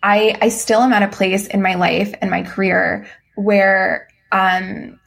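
A young woman speaks as a guest on a podcast, earnest and open, her sentences full of ums and restarts. Her voice has a gravelly, fry-tinged edge, sitting at an ordinary pitch. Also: level tone, takes it slowly, a bit bright. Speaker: podcast guest, course creator. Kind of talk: casual podcast conversation.

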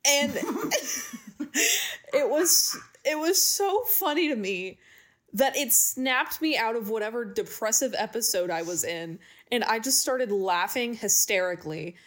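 A woman's voice: a little high, expressive, a little slow. Casual young woman podcaster. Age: 20s. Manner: casual, laughs often, swears. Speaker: podcast co-host. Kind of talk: casual chat.

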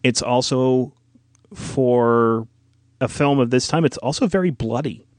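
A man's voice: medium pitch, measured pace, darkish tone, dry recording, clean studio sound. A man co-hosting a podcast, explaining film trivia at length in casual conversation. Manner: informative, explains details at length. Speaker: podcast co-host.

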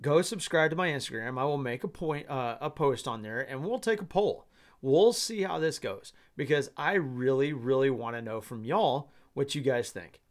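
A man hosting a solo podcast, giving rambling commentary in an animated way and laughing often. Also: mid-range voice, moderate pace. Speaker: podcast host.

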